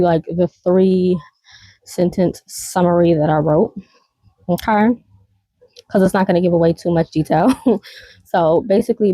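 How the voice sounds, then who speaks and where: A woman chats casually to her vlog audience in a low, mellow voice, rambling from point to point with frequent little laughs. The sound is close and dry, with no room around it. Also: no room sound, low-quality recording. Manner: rambling, laughs often, many fillers. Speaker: vlogger. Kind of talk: casual chat.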